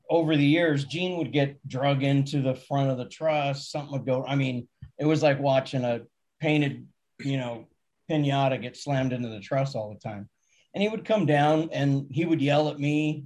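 This man, a touring stagehand, laughs his way through anecdotes about backstage life on tour, performing the quotes as he goes in relaxed conversation. He speaks at a normal speed in a mid-range, slightly mellow voice.

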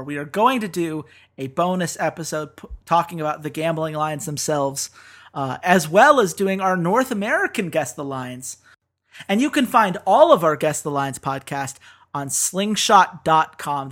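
A man's voice: on the high side, pushed and bright. A man hosting a podcast, chatting upbeat and laughing easily, reading sponsor plugs. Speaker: podcast host. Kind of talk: podcast chat and sponsor read.

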